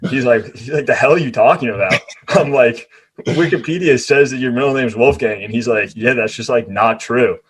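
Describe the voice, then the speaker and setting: A man hosts a loose, friendly interview in a middle-pitched voice. He jokes around with his guest, tossing in "dude" and "bro," and swaps stories like an old friend would. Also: fairly quick, husky. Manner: chummy, jokey, says "dude" and "bro". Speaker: interviewer, host. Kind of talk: casual interview chat.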